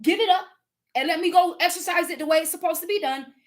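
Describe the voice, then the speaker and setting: A woman with a Southern US accent, talking in a casual spiritual vlog, animated and profane, often laughing and repeating words. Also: very high voice, quick pace. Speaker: spiritual content creator.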